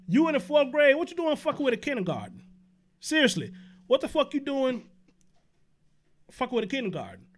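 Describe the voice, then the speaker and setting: High-pitched man ranting on a show. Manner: incredulous, laughing through outrage, rhetorical questions. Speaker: show host. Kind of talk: reaction commentary.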